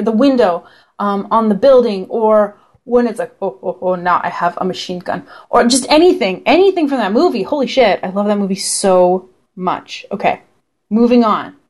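A woman's voice: a little high, normal speed, darkish tone. Chatty young woman vlogger, swearing freely. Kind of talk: casual chat to camera.

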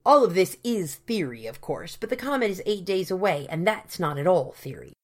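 A woman's voice: fairly low pitch, big pitch swings, moderate pace. A woman reading the part of a stubborn, dismissive male academy secretary with a dry, skeptical manner.

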